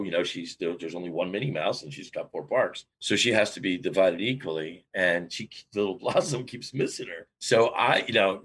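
A man guest on a podcast, telling a long personal story in an animated way with big swings in pitch. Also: breathy edge. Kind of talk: storytelling interview.

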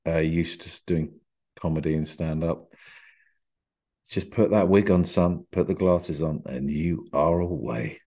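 A man's voice: deep voice, measured pace, mellow. A man guesting on a podcast, talking shyly with dry, self-deprecating humour. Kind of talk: casual podcast interview.

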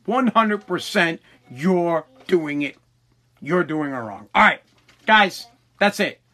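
A man hosting a solo podcast who rants in an excitable, exaggerated and profane way. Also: a little high, slow pace. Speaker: podcast host. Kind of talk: comedic solo podcast rant.

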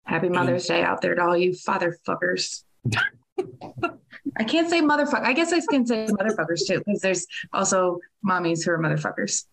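A woman's voice: on the low side, lively intonation, a little fast, gravelly, slightly rough, low-quality recording. A woman co-hosting a podcast, making crude jokes in casual chat. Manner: joking, laughs often. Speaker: podcast co-host.

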